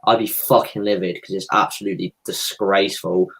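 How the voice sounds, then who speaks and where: Deep husky-voiced man in earnest chat. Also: fairly even intonation, fairly quick, fairly bright tone. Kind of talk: casual football chat.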